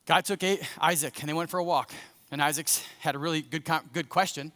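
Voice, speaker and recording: A man preaching a sermon as a pastor, conversational and animated, acting out scenes as he goes. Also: a little high, fairly quick. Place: church sanctuary. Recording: echoey church hall.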